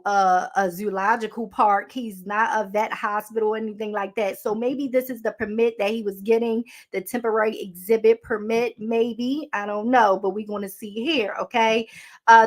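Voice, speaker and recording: Chatty baltimore lady podcaster, kinda high voice, keeps saying honey, stumbles reading law stuff. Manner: chatty and sassy, calls listeners honey, stumbles over words. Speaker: podcast host. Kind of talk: casual commentary, reading a law aloud.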